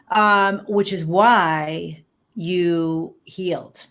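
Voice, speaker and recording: A woman hosts a podcast interview and encourages her guest. Her voice is fairly low, and she speaks very slowly and deliberately. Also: animated, a bit bright. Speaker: podcast host. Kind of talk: interview chat.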